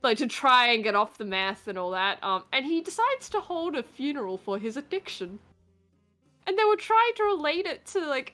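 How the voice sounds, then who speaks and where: A woman's voice: high voice, sing-song, normal speed, sharp tone, faint music behind. Blunt, profane woman co-host. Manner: blunt, profane, hesitant rambling. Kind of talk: casual chat on a livestream.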